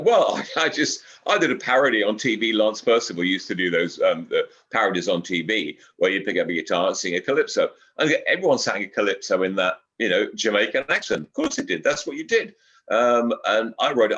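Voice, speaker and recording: An older man, a guest speaking in casual interview chat. He rambles, repeating words and filling pauses as he goes. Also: fairly low pitch, lively intonation, fairly bright tone. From England. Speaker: guest broadcaster. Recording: slightly dull lo-fi audio.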